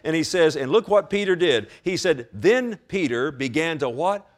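A man's voice: fairly high pitch, expressive, moderate pace. A man preaching a sermon as pastor, with emphatic rises and direct calls to his congregation.

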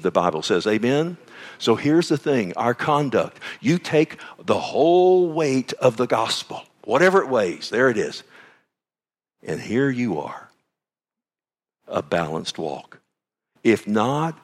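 A middle-aged pastor preaching, who keeps throwing questions out to the congregation. His voice sits at an ordinary pitch for a man. He moves between loud, fervent lines and soft, hushed ones. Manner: preaching with call-and-response questions. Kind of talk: sermon.

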